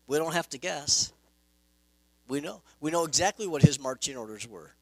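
A man preaching a sermon as pastor, emphatic, swelling loud and dropping soft. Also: fairly high pitch, lively intonation, normal speed, no echo, low-quality recording. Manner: emphatic preaching with rising and falling volume.

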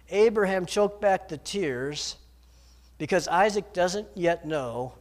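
A man preaching a sermon in a dramatic, emphatic manner, swinging between loud declarations and hushed storytelling. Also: high voice, lively intonation, takes it slowly.

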